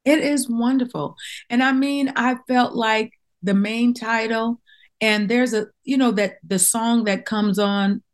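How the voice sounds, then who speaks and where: A woman's voice: fairly high pitch, steady tone, unhurried. A middle-aged woman, a professional singer, talking as a guest in a casual interview, speaking in a heartfelt and openly emotional way.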